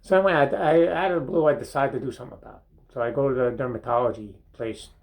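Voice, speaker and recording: An older man spins a long, meandering story with a gravelly edge in his voice. He stumbles over his words and restarts often, pitched at an ordinary male middle. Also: steady tone, poor audio. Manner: rambling, halting anecdote with restarts and chuckles. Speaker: comedy monologue host. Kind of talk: seated storytelling monologue. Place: bathroom, seated on a toilet.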